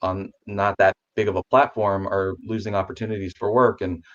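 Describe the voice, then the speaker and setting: On a casual video chat, a male guest with a fairly low voice rambles warmly about his pets, often restarting sentences. He speaks briskly with little pitch movement, and the audio sounds dull and lo-fi.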